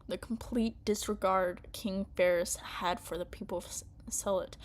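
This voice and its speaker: A woman voicing a bitter, guarded young man in a story game, reading his lines softly and low-key. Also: steady tone, moderate pace, close to an everyday voice.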